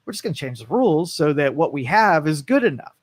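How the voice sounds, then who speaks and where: A man's voice: fairly high pitch, sing-song, quick pace, dry recording. A man co-hosting a local talk radio show, blunt and opinionated, repeating points for emphasis. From Ohio. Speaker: co-host. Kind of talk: casual talk radio chat.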